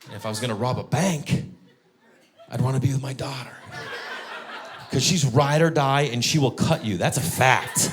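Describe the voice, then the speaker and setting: A man in his thirties doing a stand-up comedy set on stage, telling animated stories and breaking into high squeaky voices for his kids. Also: moderate pace, slight background noise. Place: comedy stage before a live audience.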